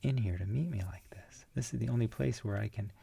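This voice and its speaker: A chatty, teasing guide welcomes a visitor in a gravelly, husky voice, read out by a man. The pitch sits a little above a low speaking voice, and the tone is light and apologetic. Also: a little fast, warm tone, exaggerated voice.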